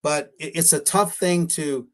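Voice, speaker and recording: A fairly high-pitched man speaks at a measured pace as a guest researcher on a live-streamed radio interview. He is rambling and hesitant, frequently correcting himself and leaning on fillers.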